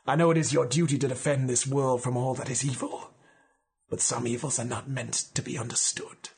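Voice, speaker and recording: A man voicing an ancient, towering male voodoo spirit who guards the gateways, speaking slowly in a grave, hushed tone. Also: mid-range voice, steady tone, vocal fry, slightly rough. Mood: solemn.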